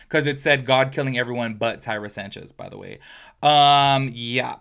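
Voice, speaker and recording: Bright-voiced man ranting on camera. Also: mid-range voice, fairly even intonation, normal speed, smooth. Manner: blunt, profane and indignant, with frequent fillers. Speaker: YouTube commentator. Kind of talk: casual commentary rant.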